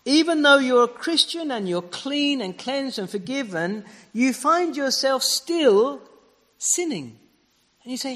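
A man preaching a sermon with emphatic, repeated phrases and sharp rises and falls. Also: very high voice, expressive, a little slow, big-room sound.

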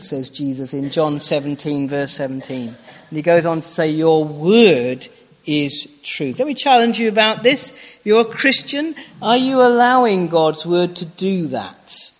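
A man with a high voice preaches a sermon in a church, putting direct, challenging questions to his listeners. His words ring out with a long reverb. The recording is dull and lo-fi.

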